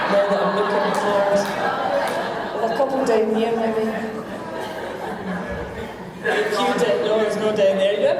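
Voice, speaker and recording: A Scottish woman giving a wry, joking after-dinner speech and reciting a humorous poem with Scots words, at a formal dinner in a large hotel ballroom. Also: medium pitch. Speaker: guest speaker. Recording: echoey ballroom with long reverb and background noise.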